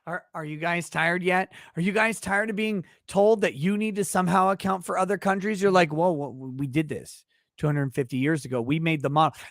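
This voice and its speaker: A man's voice: high-pitched, no room sound, clean studio sound. A man hosting a casual livestream, reading viewer messages aloud in a blunt, emphatic way. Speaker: livestream host.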